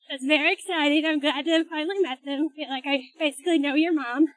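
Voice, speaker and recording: A woman's voice: sits high, fairly even intonation, fairly quick, a bit bright, no echo. A woman co-hosting a podcast while running, giving short replies and laughing often. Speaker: podcast co-host. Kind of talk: casual chat while running. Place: outdoors, on a run.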